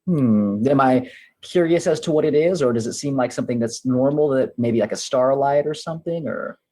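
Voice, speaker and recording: A man's voice: medium pitch, normal speed, warm tone. A man playing a tabletop game, hesitant and thinking aloud about his move. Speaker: player. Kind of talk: casual game chat.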